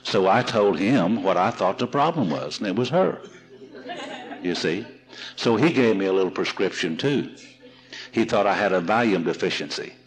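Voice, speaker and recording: Here the seminar speaker sounds lowish and expressive, keeping a moderate pace despite the low-quality recording. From the podium of a recovery seminar, he shares homespun stories that make fun of himself, preserved in archival footage.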